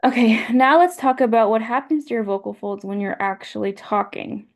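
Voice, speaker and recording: A young woman giving a class presentation, explaining a model slowly and step by step and repeating her points. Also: on the high side. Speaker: student presenter.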